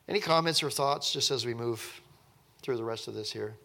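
Guy running a bible study, rambly and animated, acts out the characters, middle pitch, bright tone. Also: moderate pace, gravelly. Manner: rambling, animated, acts out the people he talks about. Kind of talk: casual Bible teaching.

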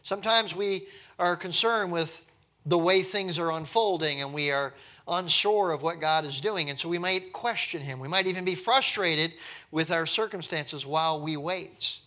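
Bright-voiced, animated male preacher. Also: on the high side, normal speed. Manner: conversational, animated, with wry asides. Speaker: pastor. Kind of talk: sermon.

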